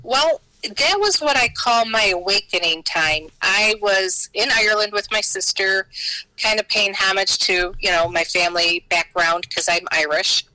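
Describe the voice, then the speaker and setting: A woman's voice: mid-range voice, a little slow, pushed and bright, no echo, poor audio. An American woman, a podcast guest, telling her stories in a chatty, rambling way full of fillers and restarts. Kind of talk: casual storytelling in an interview.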